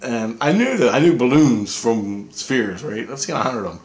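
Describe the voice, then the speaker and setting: A man's voice: medium pitch, animated, normal speed, a little mellow. Rambling, profane man in an echoey room. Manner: rambling, profane, repeats himself. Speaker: vlogger telling experiences. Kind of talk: casual storytelling.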